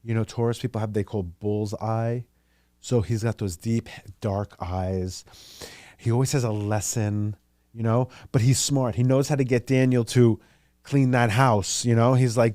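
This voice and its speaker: A man hosting a podcast in a casual monologue, talking in an animated, rambling and profane way. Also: medium pitch, normal speed, no echo, studio quality. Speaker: podcast host.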